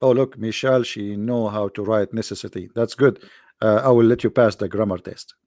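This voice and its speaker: A middle-aged man hosting a livestream, joking sarcastically and reading the chat aloud, in halting non-native English. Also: fairly low pitch, fairly even intonation, darkish tone, no room sound, studio quality. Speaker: livestream host. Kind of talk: casual live-chat banter.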